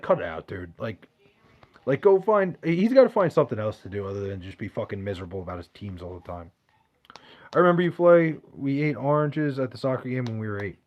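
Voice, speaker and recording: A man's voice: mid-range voice, lo-fi sound. A man hosting a podcast, reading out chat questions in loose, profane, joking banter. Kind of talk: casual chat.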